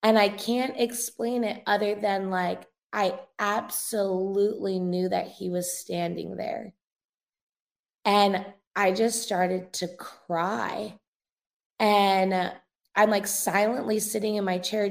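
A woman's voice: medium pitch, fairly even intonation, takes it slowly, gravelly. A young woman, a revivalist minister, giving an earnest, emotional testimony as a guest in a casual interview. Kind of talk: conversational testimony in a podcast interview.

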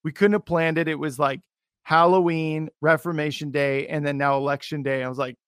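A man's voice: a little high, steady tone, fairly quick, fairly bright tone, clear, resonant tone, no echo, studio quality. A young adult man hosting a podcast, talking in a casual, enthusiastic way with many fillers. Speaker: podcast host. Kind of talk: podcast interview.

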